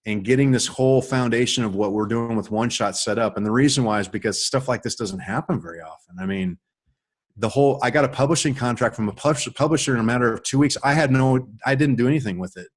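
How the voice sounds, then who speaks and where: A middle-aged man telling a personal story in a casual, rambling way, with many restarts and animated stretches. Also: mid-range voice, quick pace. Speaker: author and guest on a call.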